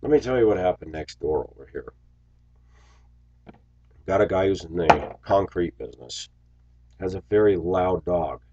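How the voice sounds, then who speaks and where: A man's voice: deep voice, animated, normal speed, long pauses, a little mellow, dull audio, slight background noise. A man giving a blunt, opinionated monologue to his viewers, acting out what other people say. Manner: blunt, opinionated, acts out quotes. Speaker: video commentator.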